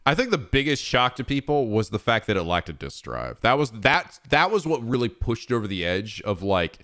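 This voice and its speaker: A man streaming games, chatting casually in a rambling, profane and animated way. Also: medium pitch, a little fast, no echo, studio quality. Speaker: game streamer. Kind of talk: casual chat.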